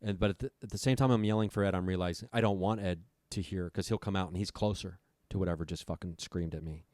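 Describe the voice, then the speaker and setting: Male guest, low voice, profane storyteller, dry mic. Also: steady tone, fast talker, a little mellow, no room sound. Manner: profane, breathless retelling. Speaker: podcast guest. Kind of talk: storytelling on a comedy podcast.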